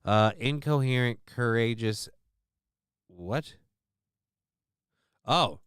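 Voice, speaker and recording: Smooth-voiced, profane livestream host man. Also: medium pitch, very slow, no room sound. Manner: profane, rambling, self-mocking. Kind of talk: casual livestream chat.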